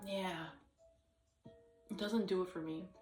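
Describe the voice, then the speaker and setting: Woman, casual vlogger, slow drawling ramble, full of fillers, a bit distant and echoey. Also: fairly low pitch, steady tone, darkish tone, soft background music. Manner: rambling, hesitant, many fillers, sudden sung and acted bits. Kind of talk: casual solo vlog chat.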